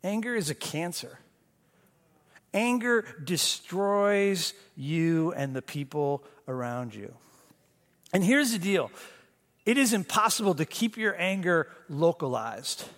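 A man preaching a sermon as pastor, moving between emphatic bursts and hushed, slow lines. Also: sits high, expressive. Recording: long reverb of a church hall.

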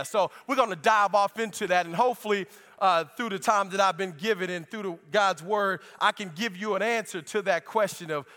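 A man preaching a sermon, joking playfully about love songs and then reading scripture slowly and deliberately. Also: high-pitched, bright, forceful tone. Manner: playful, jokey riffing on song lyrics. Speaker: pastor. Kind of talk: sermon with comedic opening. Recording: long hall reverb.

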